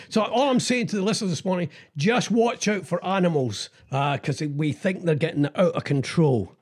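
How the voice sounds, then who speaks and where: A man co-hosting a jokey morning radio show, rambling and halting with lots of fillers. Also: sits high. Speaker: radio co-host.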